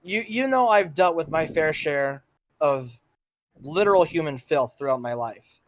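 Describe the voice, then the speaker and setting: Young guy talking slow n guarded, dry sound. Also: on the high side, animated, no room sound, low-quality recording. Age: young adult. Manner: guarded, hesitant, asks to be heard out. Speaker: guest in a confrontation. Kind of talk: heated one-on-one conversation.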